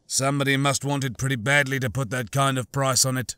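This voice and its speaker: A man voicing a cold, terse male bounty hunter in an audiobook, speaking flat and without emotion. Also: mid-range voice, brisk, smooth, no room sound, lightly acted. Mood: cool. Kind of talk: audiobook character voice.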